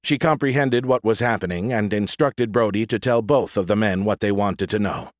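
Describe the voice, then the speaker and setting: Low, lively-pitched male narrator for an audiobook, close and dry. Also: normal speed, dry recording. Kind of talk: scripted narration.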